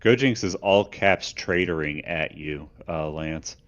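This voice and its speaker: A man's voice: low voice, slow, a bit bright, a little hiss or hum. A man co-hosting a live gaming show, chatting in a dry, hesitant way with many fillers. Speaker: co-host. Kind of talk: casual livestream chat. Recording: dull lo-fi mic.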